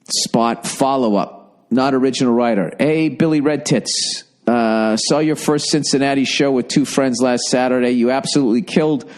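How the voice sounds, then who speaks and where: A man's voice: medium pitch, a little mellow. A man in his forties hosting a solo podcast, talking in a rambling, sarcastic and profane way. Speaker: podcast host. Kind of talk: casual solo podcast monologue.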